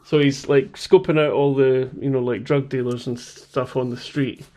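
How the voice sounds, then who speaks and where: An English man chatting on a podcast, his voice sitting at an ordinary middle pitch. He tells his story in a loose, rambling way, full of false starts and the odd swear word. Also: steady tone, moderate pace, warm tone. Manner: rambling, many restarts, swears casually. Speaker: podcast co-host. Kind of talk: casual chat, retelling a story.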